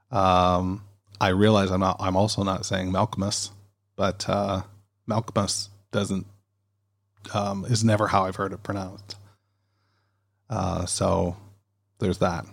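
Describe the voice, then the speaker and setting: A man's voice: low-pitched, fairly even intonation, measured pace, vocal fry, long pauses. A man hosting a podcast in a casual, rambling way, with lots of ums and self-corrections, reading listener emails into a dynamic studio mic. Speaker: podcast host. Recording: home podcast recording.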